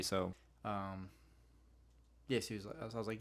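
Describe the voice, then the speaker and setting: A man's voice: lowish voice, fairly quick, long pauses. A man hosting a casual solo podcast, telling stories in a rambling, slangy way with frequent swearing. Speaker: podcast host.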